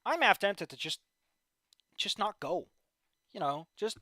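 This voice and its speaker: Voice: medium pitch, very animated, unhurried, long pauses, sharp tone, no echo, clean studio sound. A worn-out streamer giving casual livestream commentary on fan fiction, with a weary, profane, ranting manner.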